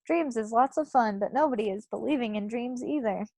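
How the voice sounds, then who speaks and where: A woman voicing a big, gentle male giant who talks in broken grammar and made-up words while reading a children's book aloud. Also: a little high, fairly quick, no room sound. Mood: doubting. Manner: ungrammatical speech full of made-up words.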